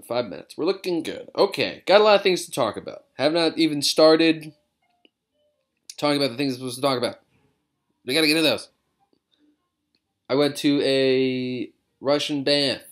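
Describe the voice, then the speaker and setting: A man talks casually from his living room, rambling from one digression to the next with self-mocking humor. His pitch rises and falls with lively swings. Soft music plays faintly underneath. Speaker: comedian vlogger.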